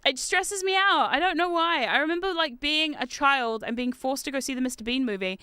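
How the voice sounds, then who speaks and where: Bright, clear-voiced woman telling rambling stories. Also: high voice, fairly quick, no room sound. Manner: rambling, animated storytelling with swearing. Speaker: streamer. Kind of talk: casual chat while gaming on stream.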